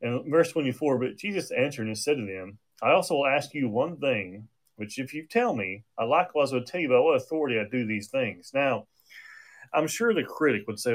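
A man with a medium-pitched voice preaches a sermon at a brisk, conversational pace, frequently restarting sentences and using fillers, with an occasional cough.

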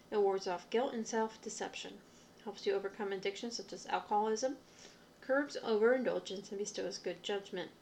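A woman's voice: mid-range voice, gravelly, a little hiss or hum. A young adult woman, hosting a witchcraft show, reads entries aloud from reference books in a casual way, stumbling now and then and adding asides. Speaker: witchcraft podcaster.

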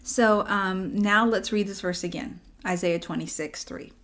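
Woman, devotional talk, conversational, acts out inner dialogue, soft near-whisper at tender moments. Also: medium pitch, a little slow. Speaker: devotional speaker.

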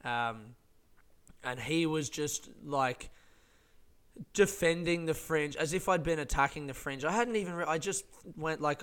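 A stand-up comedian rambles through his stories in a loose podcast monologue, cursing freely as he goes. His voice sits a little high and comes across smooth and clear. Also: normal speed. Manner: rambling, swears freely, animated storytelling.

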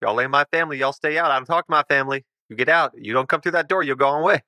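A man voicing a paranoid, reclusive rural man with a drawl who shouts warnings from inside his house. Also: medium pitch, very fast, no room sound, pitched above the performer's own voice, natural voice. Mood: hostile.

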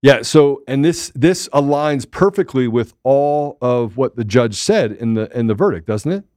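A man hosting a casual talk show, excitable and joking, laughing often as he gives play-by-play commentary. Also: medium pitch, measured pace, dry recording, clean studio sound. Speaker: show host. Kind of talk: casual political chat.

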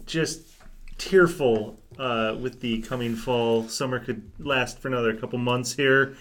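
A man's voice: medium pitch, fairly even intonation, measured pace, a crowd in the background. A man co-hosting a nerd podcast, easygoing and a bit hesitant, with plenty of fillers. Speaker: podcast co-host. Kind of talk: casual chat.

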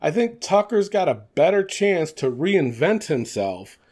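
Male podcast co-host, young, a little high-pitched, animated and chatty with frequent laughs. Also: measured pace. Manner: animated, laughs often, many fillers. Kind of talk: casual wrestling chat.

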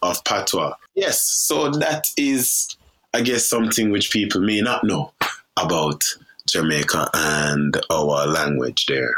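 A man with a low voice talks as an interview guest, telling stories and explaining as he goes. His pitch jumps up and down as he gets into it, with restarts along the way. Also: slow. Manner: storytelling, lively swings in pitch, many restarts. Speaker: guest, filmmaker. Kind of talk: relaxed conversational interview.

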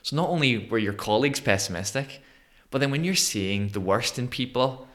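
A man in his thirties from Northern Ireland with a Northern Irish accent, a podcast guest telling his story in an animated way and acting out the voices of people he quotes. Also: mid-range voice, moderate pace. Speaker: guest, motivational speaker. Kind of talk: conversational storytelling interview.

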